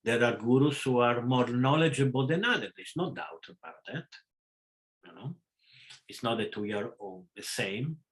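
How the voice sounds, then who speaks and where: A man with a non-native English accent gives a spiritual class over a video call, in a voice of ordinary mid pitch. He speaks haltingly, with fillers and self-corrections, then turns frank and emphatic and suddenly stresses words loudly. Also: lively intonation, poor audio. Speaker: spiritual teacher. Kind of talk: live class lecture.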